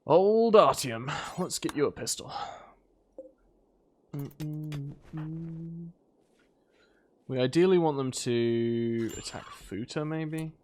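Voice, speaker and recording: A man's voice: on the high side, drawn-out words, long pauses. A British man casually commentating a colony game, rambling about side topics and scolding his characters in exasperation. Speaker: gaming video host. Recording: faint game music behind.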